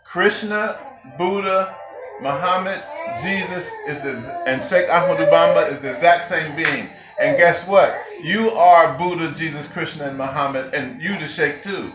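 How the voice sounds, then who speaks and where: A man teaching a spiritual gathering as a Sufi teacher, with an animated, emphatic, preacher-like delivery. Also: a little high, unhurried. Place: gathering room with audience. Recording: roomy hall with faint music.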